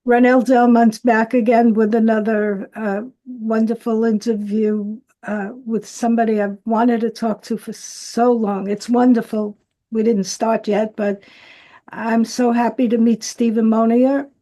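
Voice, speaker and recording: A woman's voice: on the high side, level tone, unhurried, dark tone. A woman hosting an interview, effusive and chatty, with many fillers. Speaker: interview host. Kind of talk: casual video interview.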